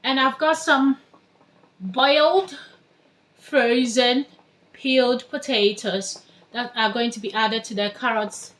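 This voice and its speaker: A woman's voice: on the high side, fairly even intonation, takes it slowly, pauses often, fairly bright tone. A woman from Ghana giving a casual cooking demonstration in her home kitchen, chatting through each step as she works. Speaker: home cook.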